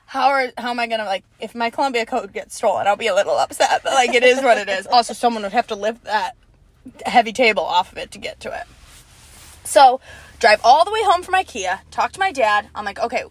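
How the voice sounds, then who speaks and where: Young woman telling a lively story. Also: a little high, fairly quick, dry recording. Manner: animated storytelling, laughs often. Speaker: podcast co-host. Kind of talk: casual chat.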